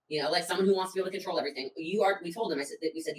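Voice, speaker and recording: A fast-talking woman tells a story with a bright, forceful voice, acting out every quote and swearing. She sits a little away from the mic in a roomy, echoey space. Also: on the low side, far from the mic, slight background noise. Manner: dramatic, acts out quotes, swears, loud outbursts. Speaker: business leader telling a story. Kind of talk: animated storytelling to camera.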